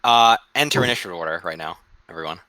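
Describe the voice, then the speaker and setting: Animated man running a tabletop game. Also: low-pitched, quick pace, no room sound. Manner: animated, playful storytelling. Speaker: dungeon master.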